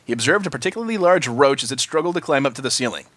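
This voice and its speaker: A man's voice: medium pitch, animated, rapid-fire, fairly bright tone, dry recording. A man reading a story aloud, narrating expressively. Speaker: story reader.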